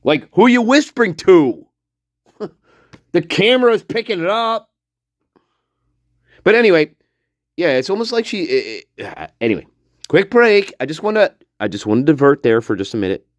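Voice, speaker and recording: A man's voice: on the high side, big pitch swings, normal speed, pauses often, no room sound. A man hosting a casual true-crime commentary video, blunt and mocking, swearing freely and chuckling between remarks.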